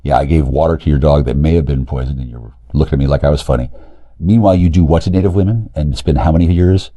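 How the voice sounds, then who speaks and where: A man in a rambling, profane monologue, agitated and jumping between loud outbursts and low mutters. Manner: profane, agitated, rapid loud and quiet swings. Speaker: streamer talking to camera.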